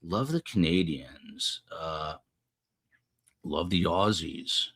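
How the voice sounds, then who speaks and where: Male livestream host, rambling, low voice, casual live commentary. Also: lively intonation, drawn-out words, a bit bright, slightly rough. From United States. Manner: rambling, chatting with viewers. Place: upper floor of a building.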